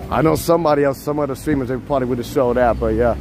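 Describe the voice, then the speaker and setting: A man's voice: medium pitch, quick pace, background noise. A man hosting a casual live street vlog from a busy city street outdoors, chatty and laughing often as he reads out the chat. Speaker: livestream host.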